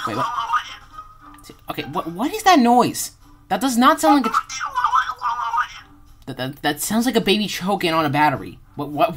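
A woman giving rambling, excitable gameplay commentary as a channel host, with sudden loud outbursts and swearing. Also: lowish voice, moderate pace, pauses often, music in the background, low-quality recording.

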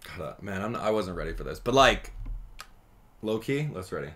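A man giving casual gameplay commentary as a channel host, chatty and excitable, thinking out loud as he plays. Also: low voice, fairly quick, a little hiss or hum.

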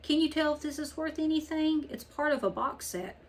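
A woman voicing a shy, gentle young girl who speaks softly in an audiobook reading. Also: high-pitched, brisk, pitched above the performer's own voice, close to an everyday voice. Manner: soft, gentle.

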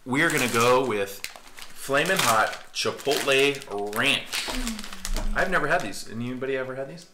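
A man's voice: medium pitch, lively intonation, a little slow, background noise. A middle-aged man hosting a family live stream, telling jokey stories and reading out viewer comments. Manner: playful, jokey storyteller who reads out viewer comments. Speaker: family vlog host and dad. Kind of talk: casual live-stream chat.

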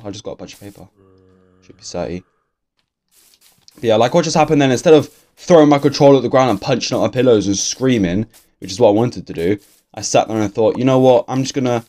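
A man's voice: mid-range voice, mellow. A young man, talking through a game in a casual, swear-filled, grumbling ramble. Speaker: gaming YouTuber. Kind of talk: casual let's-play commentary.

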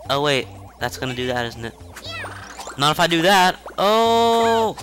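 A man casually commenting on a video game as he plays, chatty and rambling, with self-mocking asides and excited outbursts. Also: mid-range voice, normal speed. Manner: excitable outbursts during play. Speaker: video game let's-play host. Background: faint game music.

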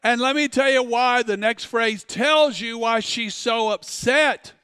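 A man preaching a sermon as a pastor, telling stories and swinging between loud outbursts and hushed asides. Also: very high-pitched, unhurried, smooth, no room sound, clean studio sound, long reverb tail. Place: church sanctuary.

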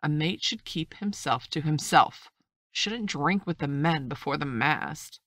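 A woman's voice: sits low, lively intonation, measured pace, fairly bright tone, no room sound, clean studio sound. A woman reading a novel aloud, voicing a stern, blunt male ship's captain who speaks in a clipped, firm and formal way. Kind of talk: audiobook reading.

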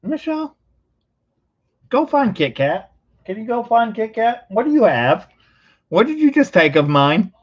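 A man hosting a livestream coin auction, chanting bids in a quick rhythmic auctioneer patter and bantering playfully between calls. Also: high voice, very animated, slightly rough, highs cut off. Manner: rapid rhythmic bid calling, playful teasing. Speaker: host auctioning coins on a livestream.

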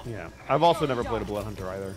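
A man's voice: fairly low pitch, expressive, rapid-fire. A man co-commentating a game stream, chatting casually and explaining things to viewers. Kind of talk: casual live-stream chat.

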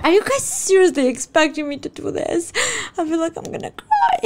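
Jumpy high-voiced woman yelling at a game. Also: sing-song, a little slow, heavy background noise. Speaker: gaming channel host. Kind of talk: live gameplay commentary. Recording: game sounds loud behind voice.

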